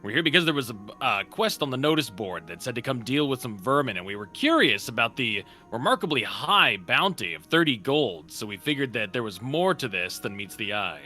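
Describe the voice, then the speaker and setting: A man's voice: mid-range voice, very animated, fairly quick, hardly any pauses, pushed and bright, faint music behind. A man playing a character in a tabletop game, talking in a playful way. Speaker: player. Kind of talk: tabletop game role-play.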